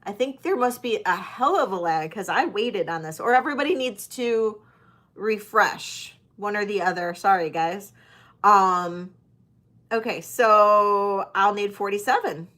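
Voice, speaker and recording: Casting: unhurried woman auctioneer on a live stream, chatty, lots of ums, mid-range pitch. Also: expressive, fairly bright tone. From United States. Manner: chatty, hesitant with many fillers.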